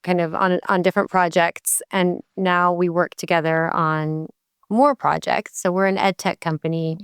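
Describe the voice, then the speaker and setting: A woman co-hosting a podcast, chatting in a lively, emphatic way and laughing easily. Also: lowish voice, moderate pace, clear, resonant tone, no room sound, studio quality. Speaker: podcast co-host. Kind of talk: casual chat.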